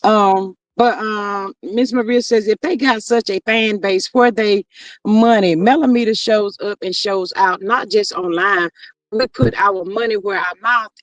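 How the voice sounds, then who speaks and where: A woman's voice: medium pitch, steady tone, a little slow, no echo, low-quality recording. A woman hosting a casual livestream chat, reading viewer comments aloud and agreeing emphatically. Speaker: host.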